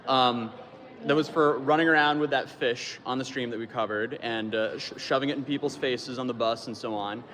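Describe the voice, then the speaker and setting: A man's voice: mid-range voice, fairly even intonation, normal speed, a bit bright. A man rambling through a casual recap of charges on a live stream, with lots of fillers. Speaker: streamer covering a court case.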